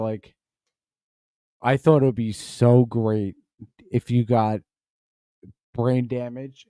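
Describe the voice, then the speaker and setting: A man's voice: medium pitch, dark tone, clear, resonant tone, no echo. A tipsy man hosting a comedy podcast from home, rambling, stumbling over his words and cursing as he reacts to a news clip. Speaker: podcast host. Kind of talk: casual comedic commentary.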